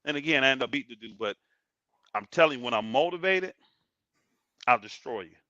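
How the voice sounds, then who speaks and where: A middle-aged man co-hosting a casual sports chat, telling animated stories and acting out what others said. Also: mid-range voice, fairly quick, dry recording. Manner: animated storyteller, acts out others' lines. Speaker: co-host. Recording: dull lo-fi sound.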